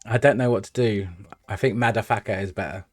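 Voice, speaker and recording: A man's voice: fairly low pitch, steady tone, brisk, soft background music. Casual joking male streamer. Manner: joking, swearing, laughing between lines. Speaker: livestreamer host. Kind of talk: casual live-stream banter.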